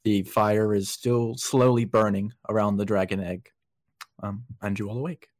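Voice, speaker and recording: A man's voice: on the low side, fairly even intonation, normal speed, darkish tone. A young man narrating as dungeon master over a voice call, casual and full of fillers. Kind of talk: narrating a tabletop game over voice chat. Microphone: computer mic on a voice call.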